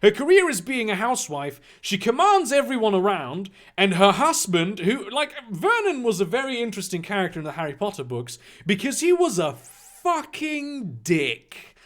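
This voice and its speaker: A man's voice: high-pitched, big pitch swings, fairly quick, hardly any pauses, a bit bright. A man reading fan fiction aloud and mocking it with crude, sarcastic commentary and frequent swearing. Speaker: reader and commentator.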